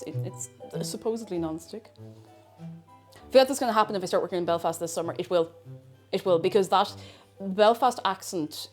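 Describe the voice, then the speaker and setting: A woman's voice: mid-range voice, darkish tone. A woman with an Irish accent, a streamer chatting casually while she cooks, rambling and often cutting herself off mid-sentence. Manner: rambling, chatty, self-interrupting. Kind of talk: casual chat while cooking.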